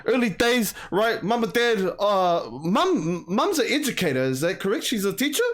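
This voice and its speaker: A man hosting a podcast, talking in an energetic, slangy casual chat. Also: sits high, moderate pace. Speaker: podcast host.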